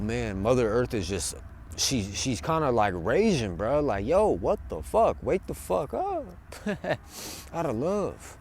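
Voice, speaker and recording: A young man vlogs from the outdoors, pouring out a fervent, foul-mouthed spiritual speech and addressing viewers as bro and man. He has a medium-pitched voice with a darkish tone.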